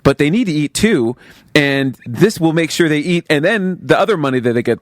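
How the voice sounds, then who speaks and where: A man in casual chat on a podcast, talking in a measured, explanatory way. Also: a little high, lively intonation, dry recording, studio quality. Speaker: podcast guest, attorney and musician.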